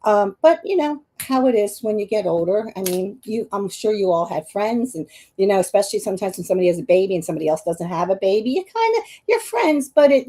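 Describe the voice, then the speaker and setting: A woman's voice: medium pitch, mellow. A woman, a psychic medium hosting a live stream, telling a long personal story with many restarts while tearful. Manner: rambling, many restarts and asides to viewers.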